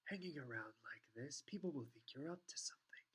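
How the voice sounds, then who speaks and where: A man reading an audiobook, voicing a cold, menacing male teacher in a smooth, hushed whisper. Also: a little high, animated, pitched above the performer's own voice. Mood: threatening. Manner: smooth and slow, quietly threatening.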